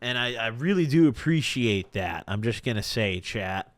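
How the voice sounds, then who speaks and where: With a mid-range voice at normal speed, a young man hosts a podcast live stream in a dry recording. His storytelling is casual and animated, peppered with slang and profanity.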